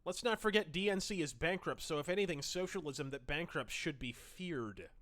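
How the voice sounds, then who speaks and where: A man's voice: on the high side, expressive, moderate pace, bright, forceful tone. A man hosting a livestream, reading chat messages aloud and commenting in a snarky, profane, sarcastic way.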